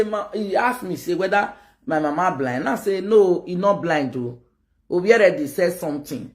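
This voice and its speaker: Animated Nigerian woman ranting to camera. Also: on the low side. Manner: rambling, animated, mixes pidgin with local-language phrases. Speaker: online video host. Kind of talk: casual rant to camera.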